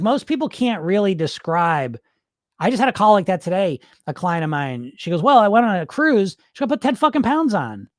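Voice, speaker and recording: A middle-aged man coaches his viewers in a blunt, loose way and swears without a second thought. His voice sits a bit high and moves around a lot as he talks. The recording is close and dry, with no room sound. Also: no echo. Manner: blunt, animated, swears freely. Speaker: weight loss hypnosis coach. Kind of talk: casual direct-to-camera talk.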